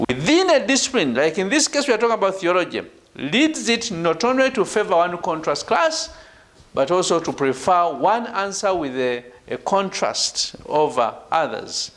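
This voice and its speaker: A man from Uganda giving a university lecture, emphatic, with "right" and "ladies and gentlemen" tagged onto his phrases. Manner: emphatic, falls low at phrase ends. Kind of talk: academic lecture.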